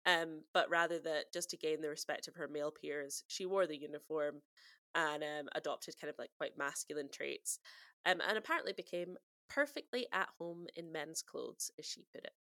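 A woman's voice: low voice, normal speed, fairly bright tone, dry recording, studio quality. A woman co-hosting a podcast in casual chat, talkative and prone to laughing. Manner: chatty, giggly, lots of fillers. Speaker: podcast co-host.

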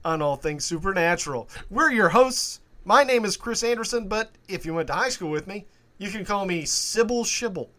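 Bright, high-voiced joking man. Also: moderate pace. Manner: playful, deadpan jokester. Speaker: co-host. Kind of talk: casual comedic podcast banter.

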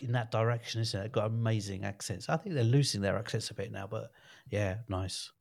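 On a casual podcast chat, a male co-host reacts eagerly and talks with lots of energy, swearing freely. His voice sits on the low side with some vocal fry, and he speaks fairly quickly. He comes across as an animated, reactive listener.

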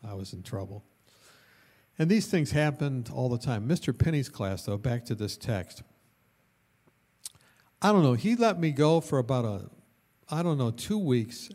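A male pastor telling a story in a sermon, animated and lively, with bursts of loudness and laughter. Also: mid-range voice, a little slow, long pauses.

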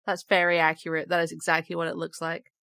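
A woman's voice: sits low, monotone, fast talker, gravelly, pushed and bright, clean tone, dry recording, clean studio sound. A woman hosting a podcast in casual chat, upbeat and giggly as she reads out facts. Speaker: podcast host.

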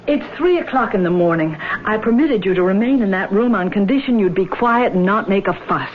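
A woman's voice: mid-range voice, animated, fairly quick, close to an everyday voice. A woman playing a fussy, easily annoyed lodge keeper who nags and scolds, on an old radio broadcast. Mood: scolding. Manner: nagging, scolding. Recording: tinny old radio broadcast with faint hiss.

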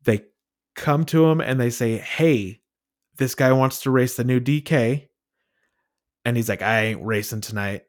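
A man co-hosting a casual podcast, leading the talk in a relaxed, storytelling way. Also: mid-range voice, unhurried, pauses often. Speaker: podcast co-host. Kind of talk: casual chat.

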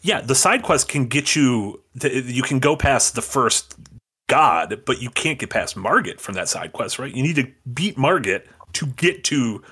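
A man's voice: mid-range voice, expressive, sharp tone, slightly rough. A man co-hosting a casual podcast chat, joking and teasing the others. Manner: joking, quick to tease. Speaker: podcast co-host.

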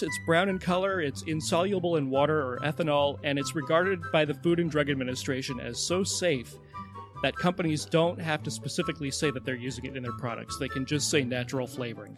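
A man hosting a podcast, explaining animal facts with enthusiasm. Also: a little high. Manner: enthusiastic explainer, reads credits. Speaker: podcast host. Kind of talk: casual chat.

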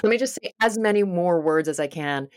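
Low-pitched woman podcaster, rambly and laughy, dry sound. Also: lively intonation, darkish tone, dry recording. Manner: quick, rambling, laughing storyteller. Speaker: podcast co-host, yoga teacher. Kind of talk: casual storytelling chat.

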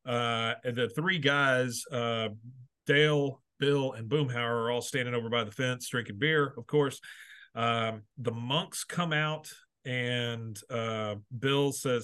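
Bright-voiced man retelling an episode. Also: medium pitch. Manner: reads out quotes in quick bursts, hesitant with many uhs. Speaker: podcast host recapping a cartoon episode. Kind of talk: casual chat, retelling scenes.

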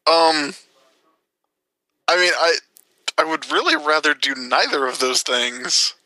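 A man's voice: a little high, takes it slowly, sharp tone, dry recording, low-quality recording. A man co-hosting a casual podcast, laid-back and hesitant, with lots of fillers. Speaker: podcast co-host. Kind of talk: casual chat.

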